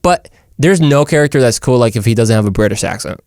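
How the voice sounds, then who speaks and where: A man's voice: medium pitch, quick pace, darkish tone, no echo, studio quality. A young man hosting a casual comedic monologue, rambling and jokey. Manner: rambling, jokey, says "dude" and "like" often. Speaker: host.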